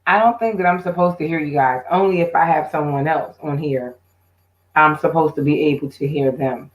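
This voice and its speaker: A woman's voice: deep voice, normal speed, poor audio. A woman hosting her own live stream, chatting casually and directly with her viewers. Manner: chatty, talks straight to viewers.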